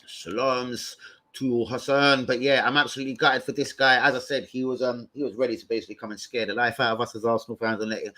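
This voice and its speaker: A man hosting a football fan livestream, talking in an excitable, sweary, rambling way. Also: medium pitch. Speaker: host of a football fan show. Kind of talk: casual livestream chat.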